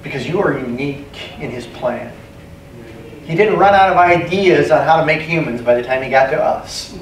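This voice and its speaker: A man's voice: fairly high pitch, normal speed, slight background noise. A man preaching a sermon as pastor, emphatic, repeating key phrases and calling for amens. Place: church sanctuary. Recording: echoey room, distant mic, faint ambience.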